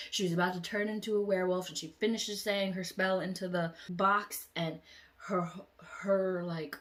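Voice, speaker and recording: A woman with a fairly low speaking voice rambles through a dream she had, vlog-style. She keeps saying "like", jumps into squealing character voices, and sometimes drops to a near whisper. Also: moderate pace. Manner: animated, acts out dialogue in character voices with high squeals; frequent "like" fillers. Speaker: vlogger. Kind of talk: casual dream storytelling vlog.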